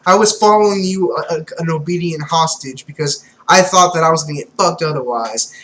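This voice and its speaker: A man's voice: brisk, fairly bright tone, natural voice, low-quality recording. A man doing a squealing, indignant mad scientist. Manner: high squealing complaint. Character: indignant adult male mad scientist, whiny.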